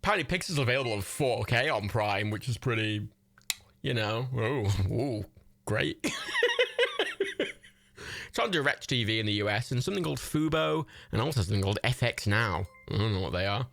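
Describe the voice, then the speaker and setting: Hosting a livestream, a man chats casually with viewers into his mic while they all watch a movie together. His gravelly, slightly bright voice is sing-song and fairly quick, with wildly swinging pitch, and he swears freely and laughs often.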